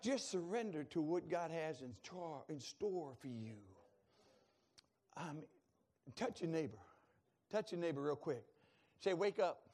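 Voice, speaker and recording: High-voiced, lively preacher man. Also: measured pace, long pauses. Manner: lively, preaching with laughs and call-and-response asides. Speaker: pastor. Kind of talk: sermon.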